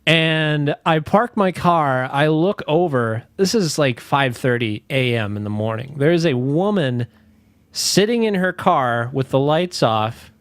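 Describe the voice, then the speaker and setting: A man's voice: on the high side, animated, measured pace, a bit bright, smooth, no room sound. A man co-hosting a podcast, chatting loosely, laughing and swearing freely. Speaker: podcast co-host. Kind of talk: casual profane chat.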